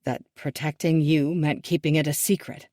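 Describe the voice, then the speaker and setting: A woman voicing a remorseful father who pleads softly through tears. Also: deep voice, steady tone, moderate pace, no echo, studio quality, lightly acted. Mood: regretful. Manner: soft, pleading, regretful. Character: remorseful middle-aged father, tearful and pleading.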